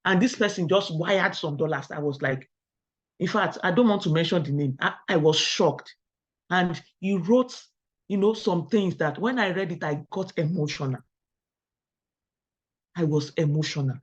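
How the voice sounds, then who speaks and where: A woman's voice: on the low side, moderate pace, slightly rough. Nigerian woman lecturing over dull call audio. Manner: repeated rhetorical questions to the audience; lively personal storytelling. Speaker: academic webinar speaker. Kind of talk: webinar talk. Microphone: video call.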